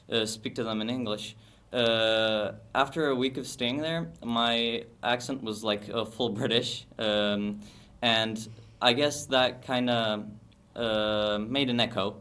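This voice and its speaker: A man's voice: fairly low pitch, fairly bright tone. A teenage boy with an American accent, a student guest on a school podcast who talks hesitantly with many fillers. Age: teens. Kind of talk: casual podcast interview.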